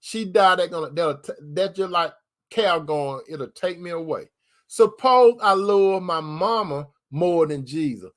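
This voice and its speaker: A man with a high voice talks to his viewers like a preacher. He hammers each point home by repeating it, and keeps calling the listeners brother and sister. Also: lively intonation, a little slow, a bit bright. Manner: repetitive, emphatic, addresses listeners as brother and sister. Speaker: host giving relationship advice from a Christian view. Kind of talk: preaching-style talk to viewers.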